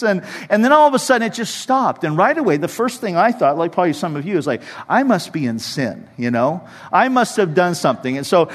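A man in his forties preaching a conversational sermon as a pastor, acting out his own past prayers in a church. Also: sits high. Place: church sanctuary. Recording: reverberant hall.

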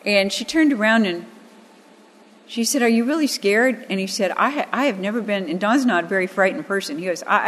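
A woman's voice: mid-range voice, long reverb tail. A woman teaching from the Bible in an earnest, storytelling manner, pressing hard on key phrases and weaving in personal stories.

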